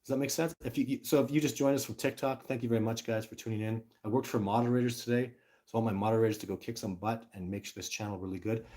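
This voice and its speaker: A middle-aged man hosting a casual livestream, talking to viewers in an energetic, rambling way and often breaking off mid-sentence. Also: mid-range voice, fast talker. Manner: energetic, rambling, self-interrupting. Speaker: livestream host, Sasquatch researcher. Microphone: phone camera.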